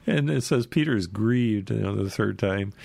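A man's voice: lowish voice, moderate pace, creaky, darkish tone, dry recording. A man casually retelling Bible stories in a rambling way, full of fillers.

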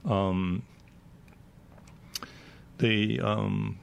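Male host, deep gravelly voice, hesitant chatty delivery, dry strained throat. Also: little pitch movement. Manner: rambling, halting with many fillers. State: dry, failing voice. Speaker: show host. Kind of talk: casual talk on alien abduction accounts.

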